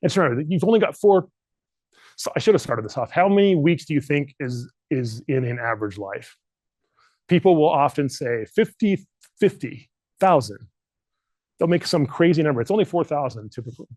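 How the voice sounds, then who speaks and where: A man's voice: mid-range voice, a little mellow, no room sound. A middle-aged man leading a leadership workshop, speaking earnestly and candidly, fighting back tears. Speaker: leadership trainer. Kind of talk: emotional workshop talk. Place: training room.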